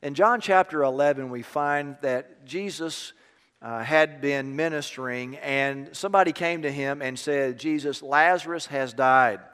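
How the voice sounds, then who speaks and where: A man preaching a sermon, easing from a quiet personal story into emphatic preaching. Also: fairly high pitch, a little slow, smooth, big-room sound. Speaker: pastor.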